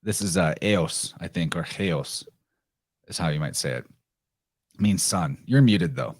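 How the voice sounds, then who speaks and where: A man hosting a podcast, reading old prophetic verse aloud in a slow, solemn way and explaining it. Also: sits low, expressive, breathy edge, dry recording, studio quality. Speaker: podcast host.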